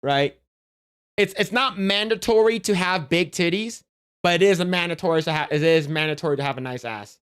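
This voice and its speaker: A man's voice: on the high side, a little fast, a bit bright, clean tone. A man live-streaming in casual chat, crude and profane, rambling with restarts in a jokey instructional tone.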